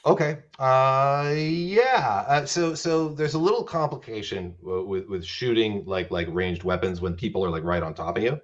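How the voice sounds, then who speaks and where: A man running a tabletop role-playing game as dungeon master, talking in halting bursts with many restarts. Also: on the low side, lo-fi sound.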